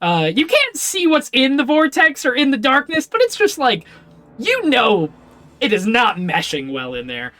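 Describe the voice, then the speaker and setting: Lively woman running a tabletop game. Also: high-pitched, normal speed. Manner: rambling, many fillers and laughs. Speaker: game master.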